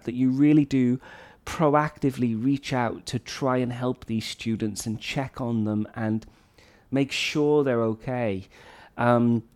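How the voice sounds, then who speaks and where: A man's voice: medium pitch, darkish tone. A middle-aged man from North Wales, a teacher, talking earnestly through a blog post and repeating his key points for emphasis. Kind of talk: educational talk reading and commenting on a blog post.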